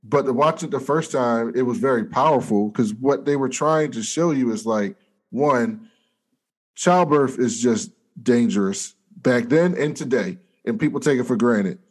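An earnest man co-hosting a casual podcast chat. His voice sits at a medium pitch, and he lays out his views thoughtfully. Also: unhurried. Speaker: podcast co-host.

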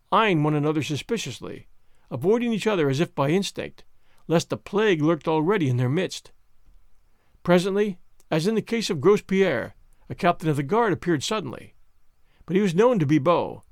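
A man's voice: fairly high pitch, dry recording, clean studio sound. A man narrating a classic novel aloud as a podcast host, reading expressively and dramatically. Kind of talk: scripted narration.

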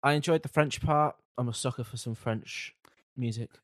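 A man's voice: mid-range voice, normal speed, no echo, clean studio sound. A man co-hosting a casual music chat, hesitant, often trailing off into mumbles. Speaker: podcast co-host reviewing music.

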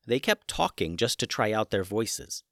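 A man narrating a children's adventure story, shifting expressively between hushed suspense and excitement. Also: lowish voice, moderate pace, dry recording, studio quality.

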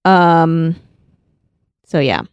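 A woman co-hosting a casual chat, retelling scenes with lively quoted lines. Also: deep voice, very slow, clear, resonant tone, dry recording, highs cut off. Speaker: podcast co-host. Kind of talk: casual chat recapping an anime.

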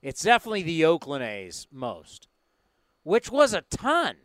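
A man hosting a casual sports talk show, with a fairly high voice that swings widely in pitch. He jokes and fires off questions. The sound is dry and close. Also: a little slow, no echo. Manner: lively, joking, asks a lot of questions.

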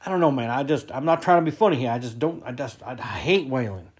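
A man's voice: medium pitch, lively intonation, fast talker, breathy edge. A middle-aged man doing a comic monologue. He rambles, stammers and repeats words, with a mock-indignant tone. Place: lives in Florida.

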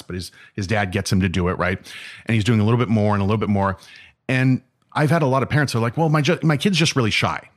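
Emphatic man asking rhetorical questions. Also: sits low. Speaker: martial arts instructor and podcast host. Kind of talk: casual chat.

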